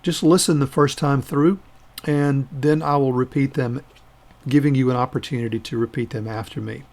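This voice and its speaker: A man teaching a recorded grammar lesson, explaining forms patiently and methodically, then pausing so listeners can repeat after him. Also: medium pitch, steady tone, vocal fry, darkish tone. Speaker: Hebrew teacher.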